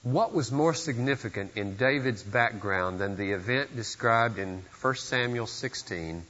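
Male pastor mid-sermon, mid-pitched and earnest, punches key lines, dull lo-fi church recording. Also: animated, unhurried, bright, forceful tone, long reverb tail, slight background noise. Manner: earnest, emphatic preaching with sudden rises in force. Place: church service.

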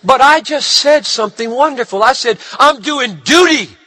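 A man preaching a sermon, animated, swinging from hushed lines to shouted ones. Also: extremely high pitch, normal speed. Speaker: pastor.

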